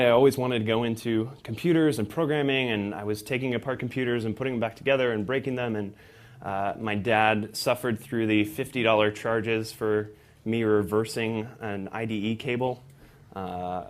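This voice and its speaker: Man giving a casual startup talk. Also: lowish voice. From Texas. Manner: self-deprecating, many fillers and restarts. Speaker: startup presenter. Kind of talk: conference talk.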